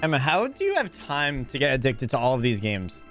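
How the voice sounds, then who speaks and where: A man's voice: mid-range voice, wildly swooping pitch, fairly quick, a bit bright, faint music behind. A man streaming a game live, reacting casually and reading dialogue aloud. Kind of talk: live gameplay commentary.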